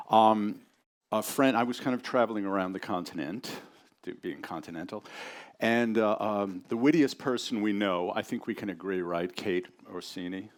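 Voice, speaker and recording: A man introducing a friend and then reading his story aloud to a live audience, in a relaxed, conversational and dry way. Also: fairly low pitch, moderate pace.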